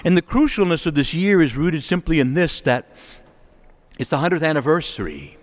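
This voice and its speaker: A man's voice: a little high, very animated, normal speed. A middle-aged man preaching a sermon, impassioned and rising to emphatic exhortation.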